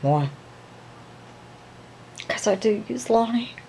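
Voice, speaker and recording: A woman's voice: medium pitch, lively intonation, dark tone, a little hiss or hum, rough recording. Woman doing a gushing, nervous young woman. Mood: emotional. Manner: breathless, fretful, halting with repeated words.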